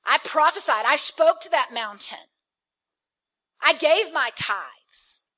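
Woman preacher doing a loud, resentful elder son, self-righteous and whiny, pitched a bit high. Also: animated, slow, full character voice. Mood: indignant. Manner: indignant, complaining, listing his deeds.

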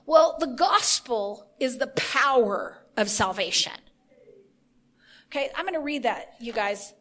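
A woman's voice: a little high, expressive, unhurried, a bit bright. A woman giving an informal sermon on her podcast, earnest, stacking repeated phrases for emphasis and thinking aloud. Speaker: podcast host teaching the Bible.

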